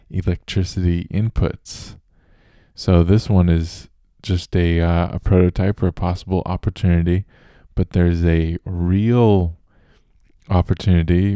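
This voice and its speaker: A man's voice: low-pitched, mellow, smooth, dry recording, clean studio sound. A man hosting a show alone, talking casually and loosely with fillers and restarts. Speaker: host. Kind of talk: casual solo podcast monologue.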